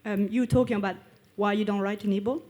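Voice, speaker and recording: A woman speaks from the audience at a live event, asking the guest a question. She is polite and a little hesitant, pausing on fillers as she goes. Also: medium pitch, fairly even intonation, darkish tone.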